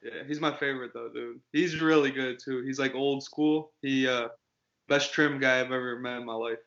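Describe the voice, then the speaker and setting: A man's voice: mid-range voice, fairly even intonation, moderate pace, fairly bright tone. A man co-hosting a casual podcast, telling stories in a laid-back, laughing way. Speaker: podcast co-host. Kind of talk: casual chat. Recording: dull lo-fi sound.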